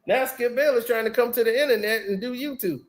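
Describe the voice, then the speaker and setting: High-voiced man, animated and laughing. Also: fast talker, slight background noise. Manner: animated, laughs often, slangy storytelling. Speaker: guest, former basketball player. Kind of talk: casual podcast chat.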